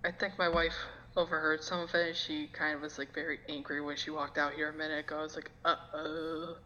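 A woman's voice: low-pitched, flat delivery, quick pace, bright, forceful tone. A woman talking as a guest in casual podcast chat, frank and self-deprecating. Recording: dull, echoey recording with faint hiss.

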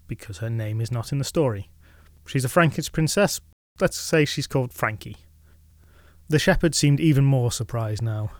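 A man's voice: medium pitch, a little mellow, no room sound, studio quality. A man narrating a medieval legend in a wry, conversational way, adding his own asides. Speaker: storyteller.

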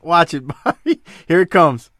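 A man hosts a loose chat over wrestling footage, his bright voice swinging wildly in pitch. He keeps breaking into laughter, swearing, then apologizing. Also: sing-song, measured pace, a little hiss or hum. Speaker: podcast host.

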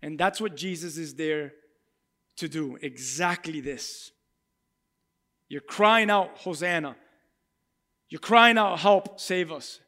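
A man preaching a sermon with passion, swinging from loud cries to hushed tones and acting out crowd voices. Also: a little high, takes it slowly, long pauses. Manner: acts out crowd cries and speaks in Jesus' voice.

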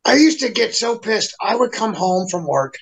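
High gravelly man ranting profanely. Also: very animated, moderate pace, fairly bright tone. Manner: profane, exasperated ranting storyteller. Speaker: guest. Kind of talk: casual chat.

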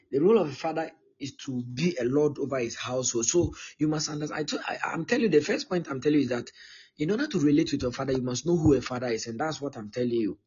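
A man's voice: mid-range voice, a little mellow, highs cut off, a little hiss or hum. A man, preaching a live-streamed teaching sermon in an emphatic, repetitive way and often checking in with his listeners. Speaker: pastor.

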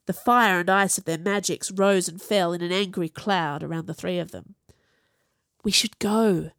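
A woman narrating a first-person fantasy audiobook in a wry, conversational, expressive way. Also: on the low side, moderate pace, vocal fry, clean tone, no room sound, clean studio sound.

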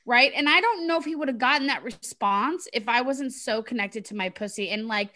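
A middle-aged woman casually telling a personal story to a group, animated and acting out the voices of the people in it. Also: fairly high pitch, fairly quick. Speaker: group participant sharing a story.

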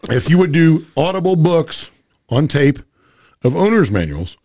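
A man's voice: fairly high pitch, sing-song, unhurried, mellow, no echo. A man co-hosting a podcast in casual chat, blunt and profane, rambling as he makes his point. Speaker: podcast co-host.

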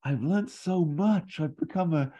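Casting: man putting on a breezy boy-turned-goblin-prince, squeaky high and airy, dull lo-fi sound. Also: a little slow, dark tone. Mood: smug. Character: teenage boy Toby turned goblin prince, smug and carefree.

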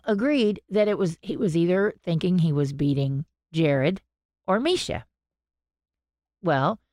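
A woman, co-hosting a podcast and telling a story in an animated way, quoting people as she goes. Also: sits low, dry recording, clean studio sound. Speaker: podcast co-host. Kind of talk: casual chat.

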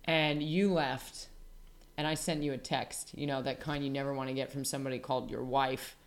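A woman's voice: a bass voice, steady tone, moderate pace. An American woman co-hosting a podcast, chatting casually with blunt, sweary rambling. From United States. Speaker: podcast co-host. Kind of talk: casual chat.

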